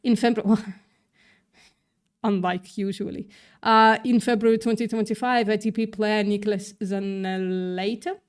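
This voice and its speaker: A woman's voice: mid-range voice, little pitch movement, a little slow, clear, resonant tone. A woman hosting a livestream, reading news aloud with sarcastic, profane asides, stumbling over words, with a mixed accent that is partly British-tinged. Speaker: livestream host. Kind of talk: casual news reading with commentary.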